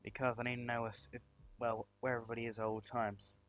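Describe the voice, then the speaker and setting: A man voicing a calm, protective young male hero in a fan story, speaking steadily with restarts. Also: mid-range voice, quick pace, slight background noise, natural voice.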